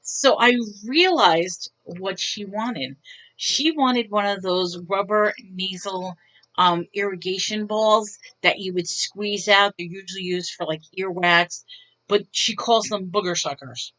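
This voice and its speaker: A woman's voice: medium pitch, takes it slowly, pushed and bright, highs cut off. A woman casually telling retail stories to her viewers in a wry, bemused, chatty way, often restarting her sentences. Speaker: retail worker vlogger. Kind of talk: casual storytelling to camera.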